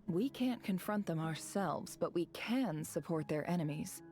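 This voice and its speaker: A woman voicing a ruthless, scheming young desert woman in a video game, speaking softly and with quiet menace. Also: lowish voice, expressive, unhurried, music in the background. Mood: cold scheming. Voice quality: cool, soft-spoken, menacing.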